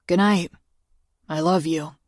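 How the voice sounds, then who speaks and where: A woman narrating an audiobook, voicing a calm, gently teasing single father in a low-key way. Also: slow pace, no echo, clean studio sound. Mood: tender. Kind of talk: audiobook character voice.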